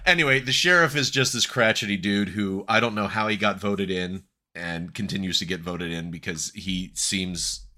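A man hosting a casual film review chat, wry and quick to laugh. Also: deep voice, pushed and bright. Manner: wry, laughs often, talks through a plot summary. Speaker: podcast host reviewing a film.

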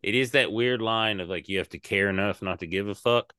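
A man's voice: lowish voice, fairly quick, clear, resonant tone, no room sound, clean studio sound. A man co-hosting a podcast, rambling and swearing in casual chat about comedy shows. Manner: rambling, animated, swears a lot.

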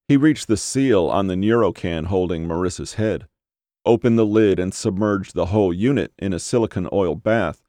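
Man narrating horror audiobook, very low voice, dry studio, steady and measured. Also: dry recording.

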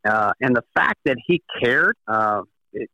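A man's voice: mid-range voice, lively intonation, measured pace, pushed and bright, no room sound, rough recording. Plainspoken man recalling a golf memory. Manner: reflective, plainspoken storytelling. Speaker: guest golfer. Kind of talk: podcast interview.

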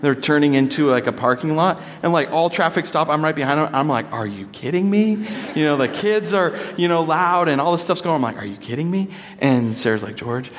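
A man's voice: fairly high pitch, fairly quick, few pauses, fairly bright tone, a little hiss or hum. A man in his thirties preaching a conversational sermon, acting out quotes with playful voices. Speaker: pastor. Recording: long hall reverb.

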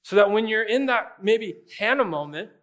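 A man's voice: high voice, expressive, moderate pace, a bit bright. A man preaching a sermon as a pastor, conversational and emphatic, often speaking straight to his listeners.

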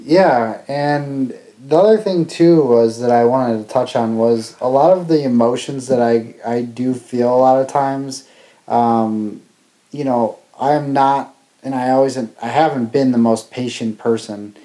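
A man earnestly recounting lessons from a ceremony, in a halting, reflective conversational way. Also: mid-range voice, warm tone. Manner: earnest, halting with fillers and restarts. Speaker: travel vlogger.

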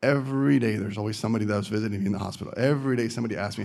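A man's voice: on the low side, very fast, gravelly, a little mellow. Earnest man giving a casual testimony. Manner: casual and earnest, with lots of fillers. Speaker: person sharing a testimony. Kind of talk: personal testimony to a group.

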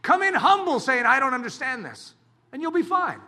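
High, bright-voiced man preaching animatedly. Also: moderate pace. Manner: animated, dramatic preaching with bursts of shouting. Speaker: pastor. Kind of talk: sermon.

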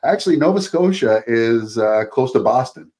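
Animated Canadian man telling stories. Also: mid-range voice, moderate pace. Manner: animated storyteller, swears casually, puts on accents. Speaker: actor, podcast guest. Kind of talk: casual chat.

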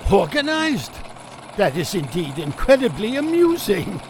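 Man doing a pompous newsman, slow delivery, lively high pitch. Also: a little hiss or hum, exaggerated voice. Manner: pompous, sarcastic. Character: haughty, grudge-holding male news writer. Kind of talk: audio drama acting.

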